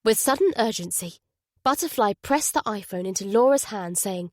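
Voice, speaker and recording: A woman narrating a thriller audiobook in a measured, even way. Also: mid-range voice, no room sound, studio quality. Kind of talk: scripted narration.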